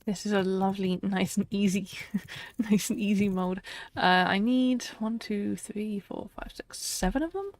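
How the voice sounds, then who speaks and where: A woman's voice: mid-range voice, measured pace, no room sound. A woman streaming a survival game, chatting to viewers and talking herself through tasks, laughing often. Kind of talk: casual live-stream chat.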